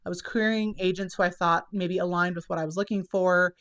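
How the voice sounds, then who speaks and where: A woman's voice: fairly low pitch, steady tone, fairly quick, fairly bright tone. A young woman chatting casually to camera as a channel host. She is out of breath and upbeat, with many fillers. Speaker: self-published children's book author and channel host.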